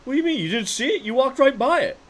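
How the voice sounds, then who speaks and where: Man doing a hyped-up teen boy, high-pitched, insistent. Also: sing-song, moderate pace, a bit bright, husky, full character voice. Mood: excited. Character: excited teenage boy showing off his car.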